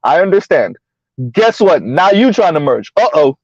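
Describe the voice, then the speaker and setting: A man's voice: high-pitched, big pitch swings, normal speed, darkish tone, no echo. A man hosting a casual commentary vlog who chuckles often and keeps asking his audience "right?". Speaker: host, social commentator. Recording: dull lo-fi recording, dry.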